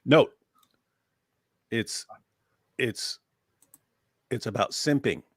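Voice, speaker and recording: A man's voice: medium pitch, extremely slow, slightly rough, no echo, studio quality. A man co-hosting a casual livestream chat, joking and laughing often as he talks. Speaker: co-host.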